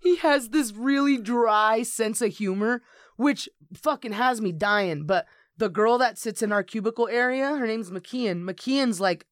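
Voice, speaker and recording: High-voiced woman in her twenties, casual chat. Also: unhurried, dry recording, studio quality. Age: 20s. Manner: animated storyteller, swears freely. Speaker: podcast co-host.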